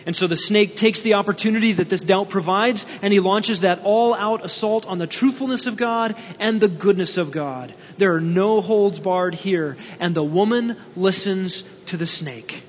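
A man's voice: high voice, normal speed, hardly any pauses. A man preaching an expository sermon in an earnest, explanatory way, asking rhetorical questions, in a church hall. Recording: dull, reverberant hall recording with faint hum.

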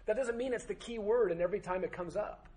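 Bible study teacher guy, kinda high voice, asks question after question, jokey asides. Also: fast, warm tone. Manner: rattles off rhetorical questions with joking asides. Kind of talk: teaching to a group.

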